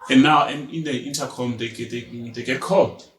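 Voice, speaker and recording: A man's voice: medium pitch, fairly even intonation, a little fast. A man with a South African accent, co-hosting a podcast, telling a story in a casual chat and acting out the voices of the people in it. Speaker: podcast co-host. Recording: echoey room.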